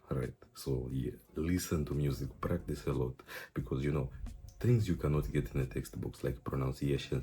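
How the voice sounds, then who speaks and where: A man's voice: a bass voice, dark tone. A young man giving casual language-learning advice in a rambling, playful way, full of fillers. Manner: rambling, chatty, many fillers; playful, teasing.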